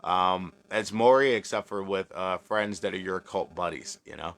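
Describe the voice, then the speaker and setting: A man's voice: low-pitched, normal speed, fairly bright tone, slight background noise. A man hosting a casual live chat, joking, swearing and laughing often, with a slight American country accent. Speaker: livestream host answering chat.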